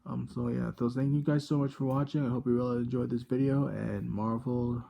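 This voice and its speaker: A man in his twenties hosting a casual gadget review vlog from a room at home, rambling and halting, with constant self-corrections. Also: medium pitch, steady tone, creaky, dull audio. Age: 20s. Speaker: channel host.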